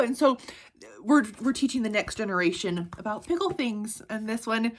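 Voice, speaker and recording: A bubbly woman in her thirties casually recommends her favorite picture books, laughing often between sentences. Her voice is on the high side, expressive and brisk.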